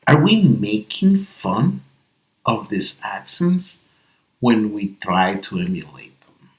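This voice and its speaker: A man's voice: on the low side, big pitch swings, slow pace, a little mellow. A man co-hosting an improv podcast who learned English as a second language, reasoning aloud earnestly with a few restarts. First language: not English. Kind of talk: casual discussion. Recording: echoey room.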